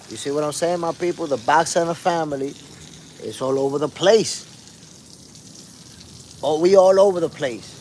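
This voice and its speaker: A man's voice: fairly high pitch, moderate pace, pauses often, darkish tone, a little hiss or hum. A man hosting a casual live-stream chat, slangy and laid-back, reading viewer comments aloud. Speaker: host.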